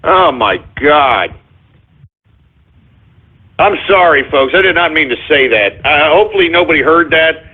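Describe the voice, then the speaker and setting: A man hosting a comedic call-in radio show, ranting frantically, swearing and shouting apologies over and over. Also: fairly high pitch, animated, a little slow, pauses often, breathy edge. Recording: tinny phone-like audio.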